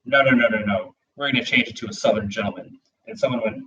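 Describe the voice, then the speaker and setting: A man's voice: on the low side, quick pace, pushed and bright, recorded from a distance, highs cut off. A man co-hosting a casual world-building chat, rambling with lots of fillers and acting out little bits. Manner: rambling, full of "like" and "you know", acts out bits. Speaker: podcast co-host.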